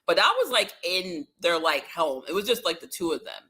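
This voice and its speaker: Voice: medium pitch, lively intonation, a little fast, pushed and bright, husky. A podcast co-host in a casual TV recap chat, talking in long runs packed with "like" and sounding exasperated. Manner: talkative, many "like" fillers, exasperated.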